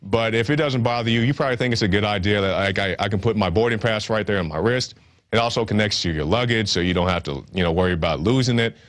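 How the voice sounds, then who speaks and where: A man's voice: on the low side, quick pace, a bit bright. A man hosting a news show, giving sarcastic, rambling commentary with many fillers. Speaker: news host.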